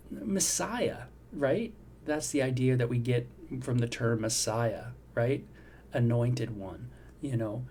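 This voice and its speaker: A man's voice: mid-range voice, mellow, husky. A middle-aged man giving a devotional Bible teaching in a conversational, reflective way, often asking "right?" and saying "you know.". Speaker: devotional host.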